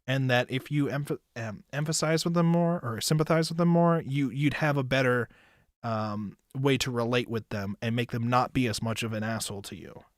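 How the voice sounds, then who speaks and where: A man's voice: mid-range voice, dry recording, clean studio sound. A young man giving casual, rambling anime commentary, loose and chatty, with lots of filler words and swearing. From United States. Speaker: anime reviewer and streamer.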